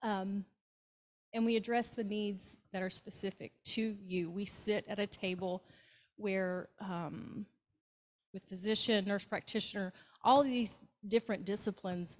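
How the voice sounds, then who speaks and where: A woman with a Southern US accent, a hospice nurse telling stories to a club meeting and acting out the people in them. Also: medium pitch. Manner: warm anecdotal storytelling with acted quotes. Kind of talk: storytelling talk to a club. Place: meeting room, hybrid meeting.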